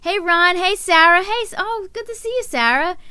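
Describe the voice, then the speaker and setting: A woman hosting a live-stream variety show, bubbly and excited, greeting viewers by name and chatting with many fillers and restarts. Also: very high-pitched, moderate pace, dry recording, clean studio sound. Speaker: host.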